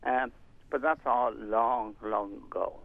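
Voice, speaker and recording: A man's voice: medium pitch, slow pace, gravelly, dry recording. Older man, rambling, over a phone line. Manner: rambling, hesitant, many fillers and restarts. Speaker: community radio volunteer and presenter. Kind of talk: casual radio interview. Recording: tinny phone-line sound, dry.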